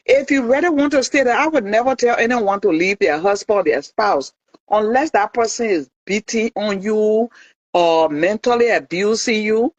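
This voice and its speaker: A woman's voice: mid-range voice, no echo. Passionate, opinionated woman on a call-in show. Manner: passionate, opinionated, fast with many restarts. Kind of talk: casual chat. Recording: dull lo-fi dry sound.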